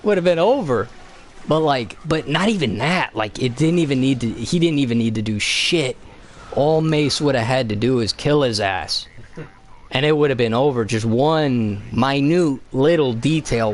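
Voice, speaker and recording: A man streaming a video game, rambling in casual chat with heavy swearing and lots of fillers. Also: fairly high pitch.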